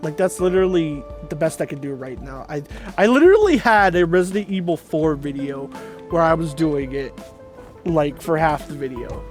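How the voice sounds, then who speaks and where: A man giving a laid-back let's play commentary, rambling with frequent fillers and the odd curse. His voice sits slightly high. Faint game music plays behind him. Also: animated, normal speed, darkish tone. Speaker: gaming video host.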